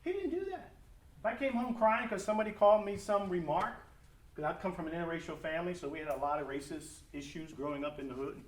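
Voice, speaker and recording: A middle-aged man preaching as a pastor in a conversational, animated way, acting out family conversations. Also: fairly high pitch, fast. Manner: animated, acts out family dialogue. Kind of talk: conversational sermon talk. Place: church or school hall. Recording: echoey room, mic from a distance.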